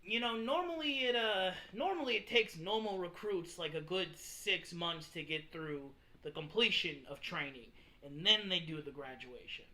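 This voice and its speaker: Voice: medium pitch, animated, moderate pace, hardly any pauses, bright, forceful tone. The game master voicing Fluffy, an anxious academy staff member who raises hesitant objections. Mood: worried.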